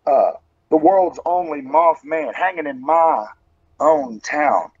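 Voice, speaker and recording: A man's voice: on the high side, lively intonation, slow pace, breathy edge. A man from West Virginia cutting an intense, folksy in-character wrestling promo. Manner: folksy and intense, calls people brother. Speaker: pro wrestler. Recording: dull lo-fi audio.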